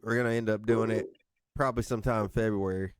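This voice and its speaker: Smooth-voiced man with a North Alabama accent. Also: on the low side, steady tone, fast talker, no echo. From Northeast Mississippi. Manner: rambling storyteller, laughs easily. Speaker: podcast host. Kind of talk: casual chat.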